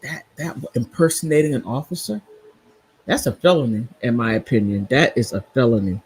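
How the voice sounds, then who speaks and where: A man's voice: mid-range voice, normal speed, breathy edge, poor audio. A man hosting a casual live stream, rambling through commentary and reacting to viewer comments. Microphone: computer mic on a streaming app.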